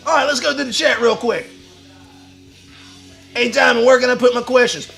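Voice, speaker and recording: A man with a strikingly high, gravelly voice holds forth like a wrestling promo on his own livestream. He is boastful and foul-mouthed, and he breaks into shouts. His tone is bright and forceful. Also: steady tone, normal speed, soft background music. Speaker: livestream host in a wrestler persona. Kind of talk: brash wrestling promo talk.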